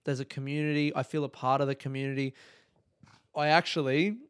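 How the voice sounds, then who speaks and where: A man's voice: mid-range voice, a little fast, smooth, no room sound. Sweary Australian man telling a story. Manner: animated, sweary, self-mocking. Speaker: podcast host, comedian. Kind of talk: casual storytelling monologue.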